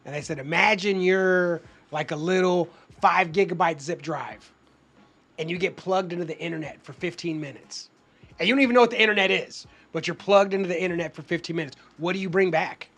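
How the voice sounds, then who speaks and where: A man telling a story in a casual podcast chat, animated and swearing freely as he acts out what people said. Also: high voice, a little fast.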